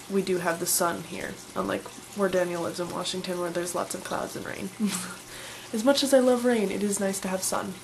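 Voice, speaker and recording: With a fairly low, creaky voice and background noise behind her, a Colorado vlogger in her twenties answers questions in a casual, enthusiastic way.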